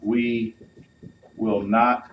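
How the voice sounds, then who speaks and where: Man, youth speaker, playful, acts out voices, slow delivery, far from the mic. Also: on the low side, little pitch movement, muffled recording. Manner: playful, acts out couples' lines with audience laughter. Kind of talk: sermon. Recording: distant mic with faint noise.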